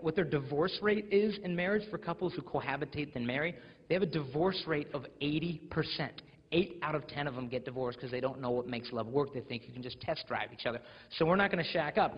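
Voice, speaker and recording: A young American man speaks to a crowd of teenagers, telling stories with energy and slipping into mimicked voices. His voice sits fairly high with a husky edge. The sound carries a long hall echo and a dull, lo-fi tone. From United States. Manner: animated storytelling, mimics voices. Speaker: school speaker. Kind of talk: live motivational talk to teens. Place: school auditorium.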